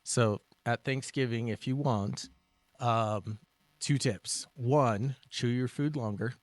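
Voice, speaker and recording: A man's voice: mid-range voice, slow pace, no room sound. A man co-hosting a casual podcast, chatting loosely and giving practical tips. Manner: relaxed, gives practical tips. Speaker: podcast co-host, martial arts instructor. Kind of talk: casual chat.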